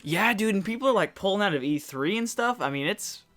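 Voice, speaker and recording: Bright-voiced young man, laughing podcast banter. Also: high-pitched, animated, a little fast. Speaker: podcast co-host. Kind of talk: casual chat.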